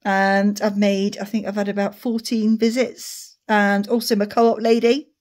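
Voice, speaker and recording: A middle-aged woman chatting to camera in a rambling, animated way, acting out retold conversations. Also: medium pitch, a little slow. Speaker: vlogger. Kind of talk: casual chat to camera.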